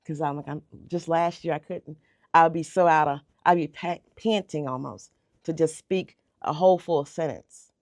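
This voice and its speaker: A woman's voice: low-pitched, steady tone, moderate pace, darkish tone. A middle-aged woman speaks as a guest in a radio studio, telling her story earnestly and from the heart. Her voice is close and dry, with no room echo, and she sometimes repeats words as she gathers herself. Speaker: bakery owner, interview guest. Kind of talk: emotional storytelling in a radio interview. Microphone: radio studio microphone.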